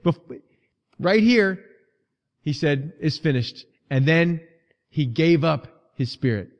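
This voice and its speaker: This pastor's voice runs on the high side and is a little mellow as he preaches in a church sanctuary. He talks earnestly, like a conversation, and his repeated phrases grow more emphatic. The sound is dull, lo-fi, and echoes through the hall.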